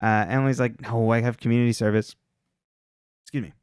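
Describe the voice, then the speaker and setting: This mid-range male voice is steady, a little mellow and smooth, moving fairly quickly on a dry, studio-quality recording. He's a podcast co-host doing a casual TV episode recap, chatty and loose, with plenty of "like" and "um" fillers.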